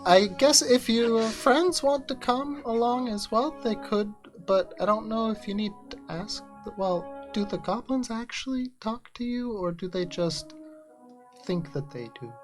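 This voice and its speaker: Slow, hesitant polite woman player. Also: a little high, over music. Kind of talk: in-character tabletop role-play.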